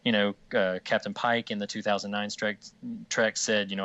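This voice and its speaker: A man's voice: lowish voice, flat delivery, moderate pace, pushed and bright, dry recording, lo-fi sound. A man in a casual discussion, earnest and emotional, rambling with many restarts.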